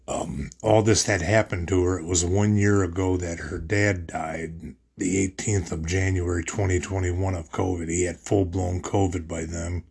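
A man's voice: sits low, gravelly, slightly rough. A man talking on his podcast in a rambling, emotional monologue, often repeating himself as he recounts his thoughts. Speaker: podcast host. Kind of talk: personal monologue.

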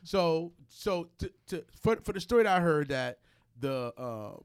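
A man's voice: fairly high pitch, animated, unhurried, smooth. A man hosting a podcast who tells a story in a blunt, profane way and acts out the other people's lines. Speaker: podcast host. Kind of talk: casual chat, storytelling.

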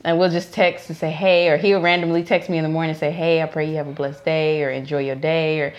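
A woman's voice: low voice, quick pace. A young adult woman co-hosting a podcast in casual chat, laughing often as she talks. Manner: laughs often, chatty and relaxed. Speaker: podcast co-host.

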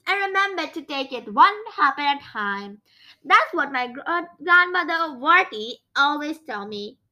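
A woman's voice: high-pitched, expressive, a little slow, bright, forceful tone, full character voice. A woman voicing a chatty, gossiping male frog in a storybook reading, chattering and bossy. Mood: advising.

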